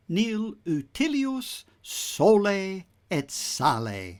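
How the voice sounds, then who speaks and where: A man delivering a scripted homily, explaining the text in a measured teaching manner. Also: fairly high pitch.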